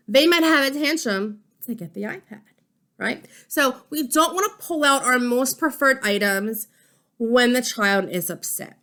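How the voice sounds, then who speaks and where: A woman in her thirties explains calming strategies to parents in a relaxed teaching talk. Her voice is bright and a touch high, and she keeps checking in with little "okay?" and "right?" tags. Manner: warm conversational teaching, frequent "okay?" and "right?" check-ins. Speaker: family support educator.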